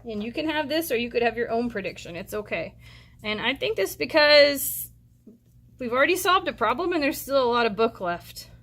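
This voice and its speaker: A woman teacher reading a storybook aloud to children, stopping for chatty, encouraging asides. Her voice sits high and sounds bright and forceful. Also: lively intonation, moderate pace.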